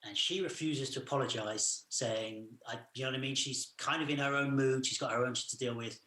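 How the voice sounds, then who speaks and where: A man's voice: mid-range voice, fairly even intonation, brisk, pushed and bright, echoey room. A man co-hosting a podcast, casually retelling a film's plot in a loose, rambling way, full of "sort of" and "like". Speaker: podcast co-host. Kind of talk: casual film review chat.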